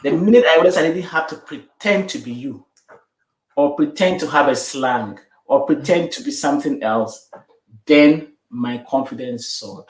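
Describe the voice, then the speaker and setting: A woman's voice: extremely low pitch, moderate pace, echoey room. A middle-aged woman speaking as an interview guest in an emphatic, repetitive, affirming way. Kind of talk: interview conversation.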